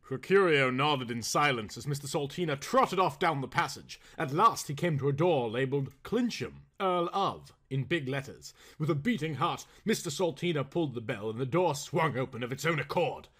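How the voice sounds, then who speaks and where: A man reading a children's story aloud as the narrator, in a lively, expressive manner. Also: on the high side, normal speed, few pauses, slightly rough.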